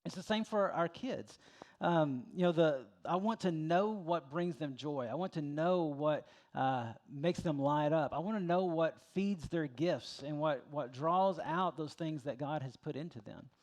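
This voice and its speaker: A man's voice: fairly high pitch, measured pace, a little mellow. A middle-aged man preaching a sermon as pastor, in a folksy, conversational way with plenty of filler words.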